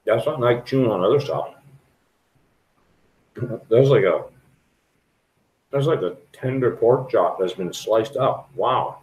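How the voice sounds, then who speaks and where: A man's voice: mid-range voice, slow, long pauses, a little mellow, low-quality recording. A middle-aged man chatting frankly and rambling to viewers on a live stream from a restaurant. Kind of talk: casual live stream chat.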